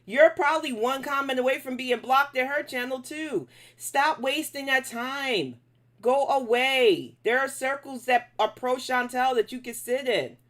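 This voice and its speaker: A woman's voice: high-pitched, measured pace, a bit bright. A woman hosting a casual live stream, reacting to videos and bluntly scolding trolls in her chat.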